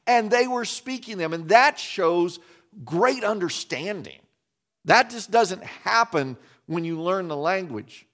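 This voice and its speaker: A pastor with a high voice preaches in an easygoing, conversational way. He grew up in West Virginia and talks with folksy asides and plenty of restarts. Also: animated, slow, a bit bright. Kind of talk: sermon.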